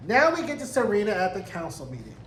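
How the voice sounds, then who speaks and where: A man giving an animated, profane, sassy recap of a TV episode in casual commentary. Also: high voice, fast. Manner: animated, profane, sassy, acts out character quotes. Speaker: TV recap reviewer. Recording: echoey room, faint noise.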